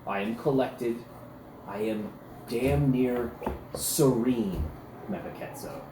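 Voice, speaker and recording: A man voicing a towering, brutal male warrior knight who speaks low, clipped and menacing, in a roomy recording with faint ambience. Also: slow, background noise, natural voice. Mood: coldly calm.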